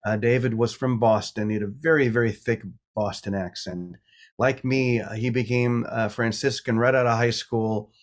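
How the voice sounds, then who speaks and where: A middle-aged man with a mid-pitched voice speaks as a guest priest. He talks in a reflective, storytelling way and laughs easily. His pace is relaxed and unhurried. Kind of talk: casual spiritual talk.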